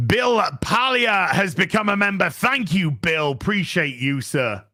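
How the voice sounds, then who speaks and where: A man hosting a livestream, reading out superchats in an animated, sweary way with quick asides. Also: high voice. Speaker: streamer host.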